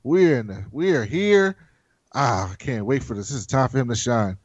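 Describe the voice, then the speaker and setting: A man hosting a casual chat, recapping a show in a profane, animated way and acting out the characters' lines. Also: medium pitch, moderate pace, no room sound, lo-fi sound. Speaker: podcast host.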